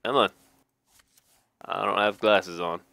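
A man's voice: fairly low pitch, slow, vocal fry, pushed and bright, no echo. A man casually reading game card text aloud, cracking jokes, laughing at them, and adding dry asides. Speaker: gaming YouTuber reading card flavor text.

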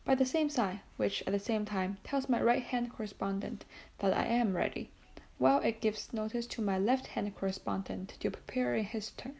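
Humble old telegraph man, earnest, a bit gravelly; woman reader. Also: mid-range voice, normal speed, darkish tone, close to an everyday voice. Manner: earnest, plain-spoken. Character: older male telegraph keeper, humble, earnest. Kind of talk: audiobook character reading.

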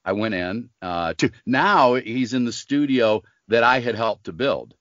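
Speaking a little slowly at a medium pitch, an older voice actor who smokes recounts stories during a relaxed interview, performing the quoted characters with animation. The recording is dull and has no echo.

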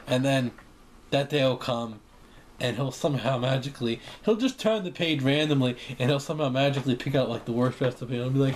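A man's voice: mid-range voice, a little fast. Rambling young man, faint hiss. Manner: rambling, jokey, acts out imagined exchanges. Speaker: vlogger. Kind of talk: casual rambling monologue. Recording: faint background noise.

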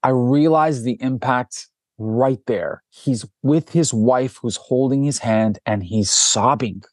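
Taking it slowly, a man speaks in a mid-range voice with clean studio sound and no echo. He's a documentary director telling a story as an interview guest, animated and acting out the people's lines, with frequent restarts.

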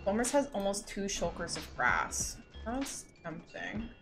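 A young woman streaming a block-building game, chatting casually and greeting her viewers excitedly. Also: mid-range voice, measured pace. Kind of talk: casual live-stream chat. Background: faint background music.

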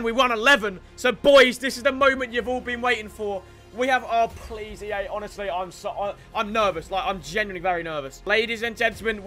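A young man commentating his own gameplay late at night, tired and excitable, often stammering and breaking into shouts. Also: high-pitched. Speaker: gaming YouTuber.

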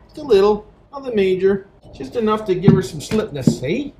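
While working on an engine rebuild, a man from Canada jokes casually, mutters to himself, and addresses his viewers as "boys." He has a warm, high, sing-song voice at normal speed; the room is echoey, with noise in the background.

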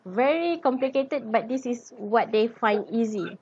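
Woman, young adult, Malay speaker, student class presentation, fairly high voice, hesitant with ums, muffled lo-fi sound. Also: moderate pace, few pauses, mellow, slightly rough. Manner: hesitant, many ums and restarts. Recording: dull lo-fi recording.

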